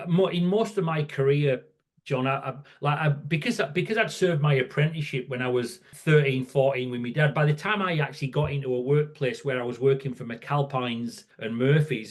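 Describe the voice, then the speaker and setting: A man in his sixties, a podcast guest, telling work stories in a rambling, casual way and often checking in with "right?". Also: mid-range voice. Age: 60s. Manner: rambling, restarts, frequent "right?" tags. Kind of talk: casual storytelling conversation.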